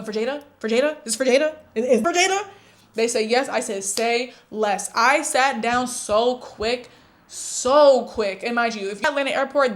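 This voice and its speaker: A young woman telling a candid, chatty story to her viewers in a casual vlog. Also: mid-range voice. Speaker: vlogger.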